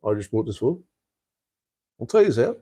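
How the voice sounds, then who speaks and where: Australian man, live-stream host, rambling casual chat, plenty of fillers, mid-pitched everyday voice. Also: very animated, brisk, dark tone, husky. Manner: rambling, with frequent "uh", "mate" and "hey".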